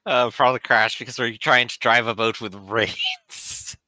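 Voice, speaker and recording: A man's voice: medium pitch, unhurried, bright, forceful tone, no room sound. A man playing in a tabletop game, joking around playfully. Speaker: player. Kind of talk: casual game chat.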